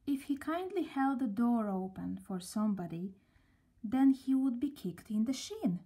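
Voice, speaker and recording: Woman, children's storyteller, very slow, mellow, husky, gentle storybook reading. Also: on the high side, animated. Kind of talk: children's story read aloud.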